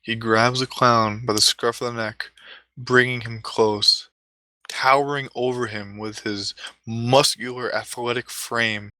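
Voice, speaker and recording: Slow, deliberate male storyteller. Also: mid-range voice, steady tone, pushed and bright, no echo. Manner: deliberate, with dramatic pauses and asides. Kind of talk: comic storytelling.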